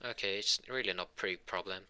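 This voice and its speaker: A man's voice: deep voice, fast, sharp tone, smooth. A man voicing a polite, eager young male hero student who talks with small hesitations.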